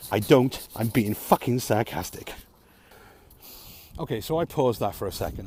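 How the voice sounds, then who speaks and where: A man vents to camera in a ranting vlog, frustrated and sarcastic, swearing as he goes. His pitch swings widely from high to low. A faint hiss sits under the recording. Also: lively intonation, normal speed, long pauses, darkish tone. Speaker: vlogger.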